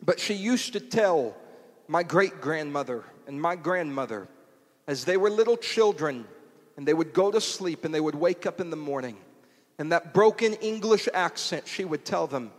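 Male preacher, high voice, rhythmic repeated lines rising to shouts, long hall reverb. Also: lively intonation, moderate pace. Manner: rhythmic repetition building to shouts. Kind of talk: sermon. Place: portable church.

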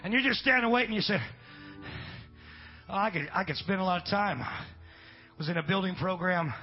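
A man's voice: high-pitched, moderate pace. Folksy preacher man, amens and all. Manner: folksy, punctuates with amen, swings from loud to hushed. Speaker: pastor. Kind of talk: storytelling sermon. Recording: dull lo-fi recording with faint music.

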